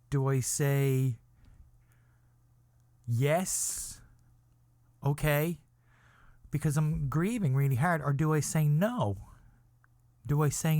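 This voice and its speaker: A man's voice: on the high side, a little mellow, no echo. A man hosting a podcast, telling a comedic story in a rambling, repetitive way and checking in with his listener again and again. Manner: rambling, keeps checking in with "okay?"; repetitive restarts, builds up slowly. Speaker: podcast host.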